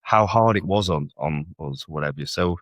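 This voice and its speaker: A man telling stories in a casual interview, animated, often checking in with tag questions. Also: rumbling low, moderate pace, dry recording. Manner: animated storyteller with frequent tag questions and laughter. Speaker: guest bodybuilder.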